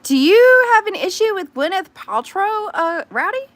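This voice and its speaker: A woman with a Southern US accent, chatting casually with her livestream viewers from her phone, animated and quick to squeal and laugh. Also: very high voice, dry recording. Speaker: livestream host.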